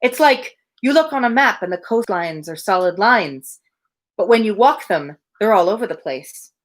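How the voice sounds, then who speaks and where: A woman's voice: mid-range voice, animated, moderate pace, natural voice. Woman reading as a chatty little pub man. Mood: musing. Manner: talkative, joke-telling, faint rolled R. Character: chatty little male pipe-smoker in a pub.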